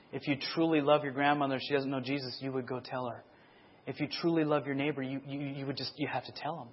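A middle-aged man preaching his testimony in a sermon, asking for amens and getting loud and excited as he retells stories. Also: mid-range voice, husky, dull audio.

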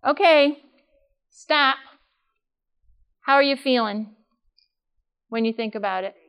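A woman's voice: sits high, takes it slowly, clear, resonant tone, muffled recording. An older woman giving a live talk to an audience in a room, chatty and asking them questions. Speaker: speaker at a workshop.

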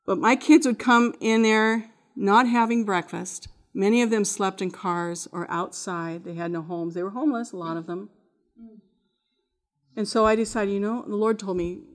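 A woman with a mid-range voice, formerly a GED lab teacher, gives a lively spoken faith testimony to an audience. She tells it as an animated storyteller, acting out voices and laughing along the way.

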